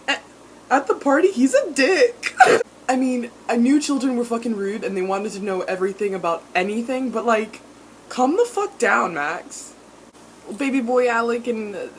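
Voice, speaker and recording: A young woman recapping a TV episode in a casual, animated and sweary way, acting out characters in mock voices. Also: on the high side, slight background noise. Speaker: TV recap vlogger.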